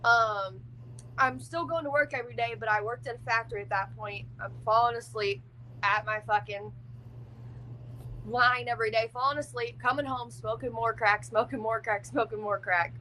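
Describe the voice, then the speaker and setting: A woman tells her story in a casual, unfiltered way, cursing often and filling pauses with "like." Her voice is bright and a little high, with a faint hiss of noise behind it. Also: fairly even intonation, poor audio. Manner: blunt and profane, heavy use of "like". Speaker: interview guest.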